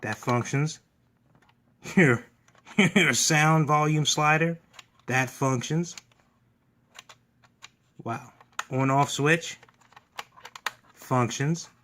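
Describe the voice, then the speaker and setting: A man's voice: fairly high pitch, extremely slow, long pauses, sharp tone. A man hosting a gaming channel, giving casual, enthusiastic unboxing commentary at home. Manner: enthusiastic, gushing.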